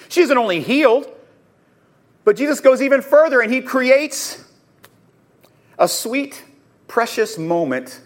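Male pastor, earnest sermon delivery, emotional, slightly high pitch.

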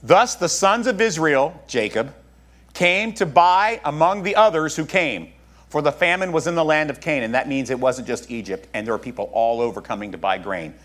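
A man's voice: fairly high pitch, expressive, normal speed, fairly bright tone. A man pastor preaching a sermon, talking to his congregation in a conversational way with joking asides.

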